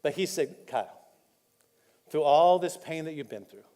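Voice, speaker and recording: A man pastor, preaching a candid, personal sermon that drops soft and choked up when he is moved. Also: on the high side, steady tone, normal speed. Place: church auditorium. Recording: live in a reverberant church hall.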